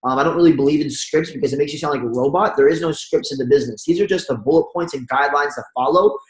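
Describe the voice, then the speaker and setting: A man giving an energetic sales training talk and acting out phone calls as he coaches his audience. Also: on the high side, rapid-fire, reverberant, low-quality recording. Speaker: network marketing trainer.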